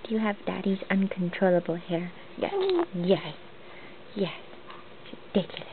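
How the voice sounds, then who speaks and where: A woman's voice: lowish voice, fairly even intonation, normal speed. A woman filming her baby with a handheld camera at home, cooing in sing-song baby talk and laughing often. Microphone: handheld home video camera. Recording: tinny lo-fi home video with hiss.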